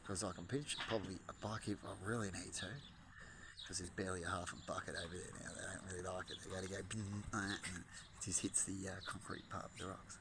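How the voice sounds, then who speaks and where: A man chatting casually outdoors by a bird-feeding spot, rambling and breaking into high, excited baby talk to the birds. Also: fast, slight background noise. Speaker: vlogger. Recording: outdoor audio with birdsong behind. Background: birds chirping.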